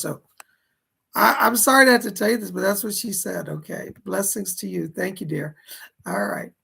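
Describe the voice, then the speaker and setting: A hoarse man giving live psychic readings, passing on spirit messages in quick "he said, she said" bursts. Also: high voice, bright, forceful tone. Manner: relays spirit messages in rapid "he said" quotes. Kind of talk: livestream readings, casual and excitable.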